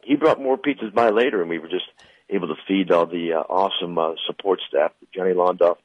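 Male car dealer guest, very low and husky, enthusiastic, teasing, stumbles over repeated words. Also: fast talker, no room sound, lo-fi sound. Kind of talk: casual radio chat.

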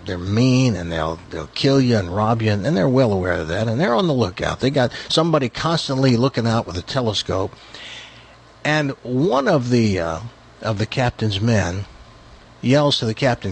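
A man hosting a talk show, chatting casually and telling jokes in an animated, incredulous manner, often repeating words. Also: mid-range voice, normal speed, a little hiss or hum. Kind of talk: casual chat and joke telling.

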